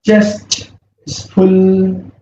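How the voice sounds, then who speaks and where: Slow, high-voiced male yoga instructor. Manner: slow, calm breathing cues. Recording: roomy, distant, muffled with faint hum.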